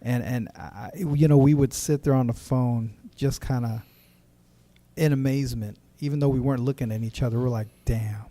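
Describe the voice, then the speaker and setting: A man's voice: mid-range voice, steady tone, moderate pace, warm tone, no room sound. A man co-hosting a casual podcast, speaking hesitantly with restarts.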